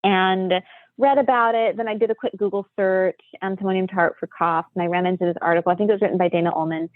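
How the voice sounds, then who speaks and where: A woman telling a family story in a chatty, animated way, laughing often. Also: medium pitch, quick pace, no echo. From United States. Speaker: podcast guest, homeschooling mother. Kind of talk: casual storytelling. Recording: tinny phone-line sound, dry.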